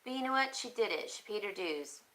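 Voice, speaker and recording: A woman hosting a casual live stream, chatting and reading viewer comments aloud, thinking out loud with frequent pauses and fillers. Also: mid-range voice, lively intonation, rough recording. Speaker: crafting channel host.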